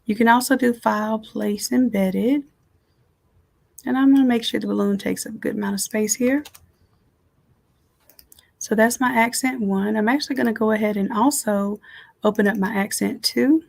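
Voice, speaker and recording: A woman design instructor giving a casual, chatty live software tutorial from home, talking straight to her viewers. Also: a little high, normal speed, vocal fry, pauses often.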